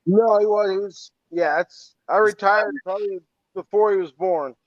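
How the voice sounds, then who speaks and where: A man's voice: high voice, fairly even intonation, normal speed, dry recording. A man telling a heartfelt story in a rambling, casual way on a podcast. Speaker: podcast co-host. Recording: dry, muffled lo-fi audio.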